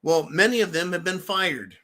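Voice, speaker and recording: A man's voice: high-pitched, expressive, normal speed, sharp tone. A middle-aged man hosting a show, delivering a combative, profane political rant. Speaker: host. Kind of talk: political commentary monologue.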